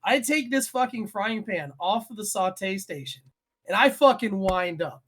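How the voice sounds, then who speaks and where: A man's voice: sits high, expressive, measured pace, a bit bright. A young man, a former chef, co-hosting a casual podcast and telling heated, profane stories. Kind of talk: casual chat.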